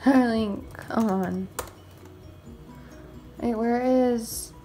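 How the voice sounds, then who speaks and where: A woman hosting a game roleplay video, talking casually and excitably as a mom, with frequent exclamations. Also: a little high, drawn-out words, soft background music.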